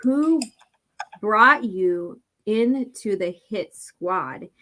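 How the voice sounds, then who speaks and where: A menacing hooded gunman interrogates a thug in a slow, deliberate voice, as a woman reads his comic lines aloud. The pitch sits in a middle range. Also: animated, sharp tone, heavily acted, low-quality recording. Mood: interrogating.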